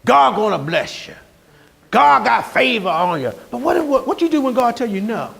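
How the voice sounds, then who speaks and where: A pastor preaching with a strikingly high-pitched voice that swoops up and down as he tells stories. He moves between quiet asides and loud, shouted punchlines. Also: normal speed, vocal fry. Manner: animated storytelling, rising to shouts. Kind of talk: sermon.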